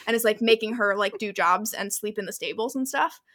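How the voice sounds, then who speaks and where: Bright, animated woman podcast co-host. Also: mid-range voice, brisk. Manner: animated storyteller, heavy use of "like", acts out quotes. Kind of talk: casual chat recapping a book.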